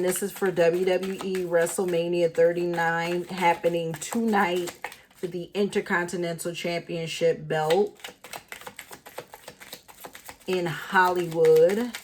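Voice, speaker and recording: Woman tarot reader, casual vlog delivery, chatty and meandering, unhurried pace. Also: on the low side, darkish tone, a little hiss or hum. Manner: chatty, thinking aloud, many fillers.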